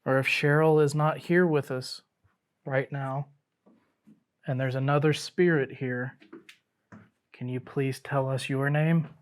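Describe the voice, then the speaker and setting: A man leading a ghost hunt, asking unseen spirits slow, coaxing questions and dropping to a whisper now and then. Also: medium pitch, fairly even intonation. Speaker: paranormal investigator. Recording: noisy night recording.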